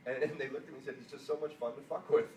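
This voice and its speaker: Man from Chicago, host, joking asides, fast, roomy echo. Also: medium pitch, steady tone, dark tone. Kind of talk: casual chat. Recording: roomy, distant mic, faint noise.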